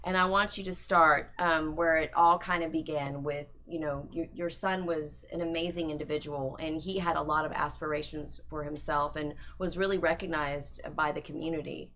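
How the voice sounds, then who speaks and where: A woman hosting a radio talk show, chatty and quick to laugh as she interviews a guest. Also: sits low, steady tone, fairly bright tone. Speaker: radio host. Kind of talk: casual chat and interview.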